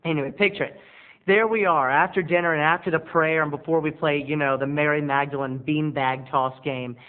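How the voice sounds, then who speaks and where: A man rambles through a self-mocking confessional monologue, his voice sitting a little high. The sound is thin and tinny, like a phone line. He talks to the camera from his bedroom studio. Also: steady tone, fairly quick. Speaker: video blogger.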